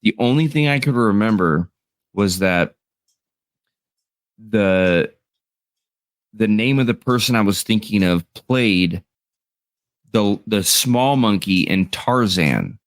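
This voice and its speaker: Laid-back low-voiced man, dry sound. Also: expressive, slow, long pauses, no room sound. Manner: laid-back, rambling, swears casually. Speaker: co-host. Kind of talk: casual chat.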